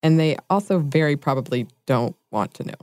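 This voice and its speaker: Low-voiced woman co-hosting a chat. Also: expressive, fairly quick, a little mellow, dry recording. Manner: laughs often, self-correcting. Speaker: podcast co-host. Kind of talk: casual chat.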